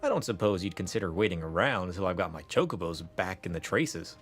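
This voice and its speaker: A man's voice: low-pitched, expressive, fast, soft background music. A man reading a flustered merchant. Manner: plainly read game dialogue. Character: flustered traveling male merchant.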